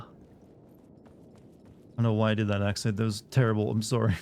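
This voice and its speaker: A man's voice: fairly low pitch, flat delivery, fairly quick, pauses often, a little mellow, slight background noise. Rambling joking male game streamer. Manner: rambling, joking, crude asides to chat. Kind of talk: casual gaming commentary.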